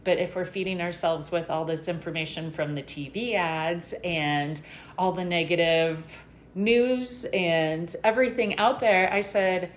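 A woman's voice: fairly low pitch, roomy sound. A middle-aged woman guest talking candidly in a casual interview, rambling a little with fillers.

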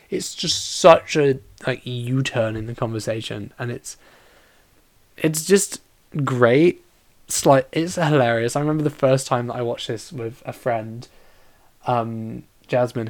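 A podcast host talks casually on his own about a film, rambling with constant fillers and restarts while sounding tired and yawning. His voice is medium-pitched and gravelly, with no echo.

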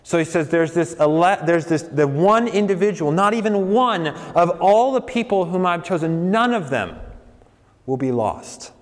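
A man preaching a sermon, animated, who jumps into a raised mocking voice when he acts out people who object. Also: high-pitched, moderate pace. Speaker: campus preacher. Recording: long hall reverb.

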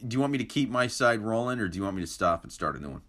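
A man's voice: lowish voice, sing-song, racing, fairly bright tone. A man co-hosting a podcast, talking politics in a loose, profane, joking way with frequent restarts. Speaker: podcast co-host. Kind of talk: casual political chat.

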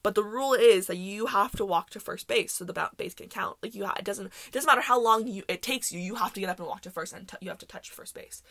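Woman, solo podcast host; chatty, self-correcting storyteller, mid pitch, dry recording. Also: fast, hardly any pauses, a bit bright, no echo. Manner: rambling, self-correcting, laughs often.

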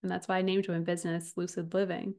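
Earnest woman with a gravelly low voice. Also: level tone, fast. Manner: earnest, heartfelt, with soft laughs. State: getting emotional. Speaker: podcast host and relationship coach. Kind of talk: personal podcast monologue.

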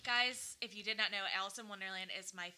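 Bright woman with a Philly-area accent. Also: mid-range voice, steady tone, quick pace. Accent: Philadelphia area. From Delaware County, Pennsylvania. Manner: rambling, chatty, trails off with fillers. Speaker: podcast co-host. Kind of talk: casual movie chat.

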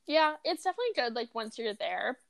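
A woman's voice: on the high side, sing-song, fast talker, vocal fry, dry recording. Giggly young woman, dry mic. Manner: giggly, teasing, filler-heavy. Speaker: podcast co-host. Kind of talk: casual chat.

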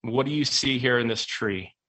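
A man's voice: medium pitch, moderate pace, bright, forceful tone. A man voicing an earnest male mentor in a spoken story, pressing a friend with questions. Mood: insistent.

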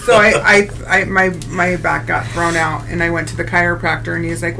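A woman's voice: lowish voice, steady tone, normal speed, creaky. A woman co-hosting a podcast, telling stories bluntly, swearing freely and laughing as she goes. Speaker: podcast co-host. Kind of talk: casual chat. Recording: noisy recording.

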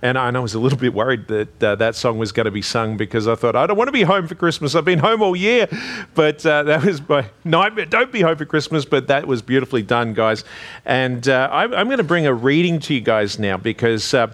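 A man's voice: medium pitch, expressive, fairly quick, a bit bright. A man with an Australian accent hosting a carols event, chatty and jokey, breaking off for asides. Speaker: host.

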